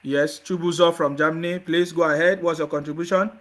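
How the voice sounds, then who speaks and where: High-voiced combative Nigerian male host. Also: fairly even intonation, fairly quick. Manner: combative, blunt. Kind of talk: call-in show hosting.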